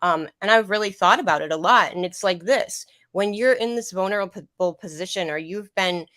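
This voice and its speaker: A woman's voice: mid-range voice, normal speed, a bit bright, dry recording, clean studio sound. A young adult woman telling an emotional personal story on a livestream, rambling and repeating herself, her voice catching at times. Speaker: guest.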